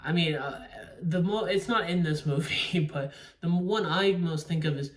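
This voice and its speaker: A man's voice: fairly high pitch, moderate pace. Profane, rambling male movie ranter. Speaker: movie reviewer. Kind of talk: casual ranting review. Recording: echoey room, distant from mic.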